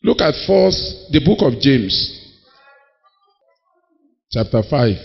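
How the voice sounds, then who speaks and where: A man's voice: mid-range voice, very animated, slow, creaky, soft background music. A man preaching a sermon, emphatic and storytelling, acting out the people in his stories. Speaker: pastor. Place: church hall. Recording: dull audio in a long-reverb hall.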